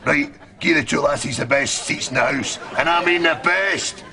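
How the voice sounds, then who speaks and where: An actor playing a crude, menacing Scottish hard man, with a deadpan Scottish accent. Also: fairly high pitch, normal speed, a crowd in the background, noisy background, natural voice.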